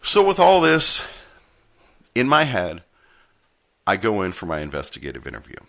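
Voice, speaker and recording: A man's voice: on the low side, wildly swooping pitch, moderate pace, gravelly, a bit bright. A man hosting a podcast, telling a story in a wry, candid manner and reading papers aloud as he goes. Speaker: podcast host and postal union steward. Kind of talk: storytelling monologue.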